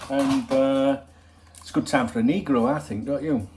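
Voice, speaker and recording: A man chats loosely to his viewers from home, joking around and swearing without a second thought. His voice sits at an ordinary middle pitch. A faint hiss of noise runs underneath. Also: a little slow, long pauses, a little mellow. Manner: chatty and joking, swears freely. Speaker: football channel host. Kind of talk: casual rambling vlog chat.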